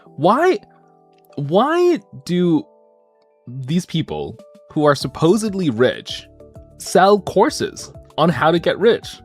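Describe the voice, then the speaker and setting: A man chatting casually on a stream, jokey and animated, his voice swinging from mumbles to high excited bursts. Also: slow pace, breathy edge, faint music behind.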